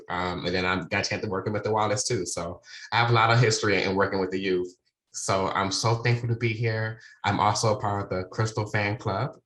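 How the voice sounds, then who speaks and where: A man's voice: lowish voice, fairly bright tone. A young man, a graduate student who coaches students for college, introducing himself on a panel in a polite, eager, thankful way. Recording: echoey room.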